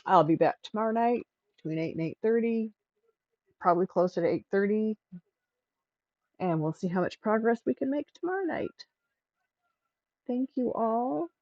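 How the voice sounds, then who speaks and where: A woman's voice: medium pitch, a little mellow, no room sound. A middle-aged woman hosting a craft livestream, chatting to herself and to viewers as she works. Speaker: livestream host. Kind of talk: casual chat while crafting. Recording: dull, lo-fi dry sound.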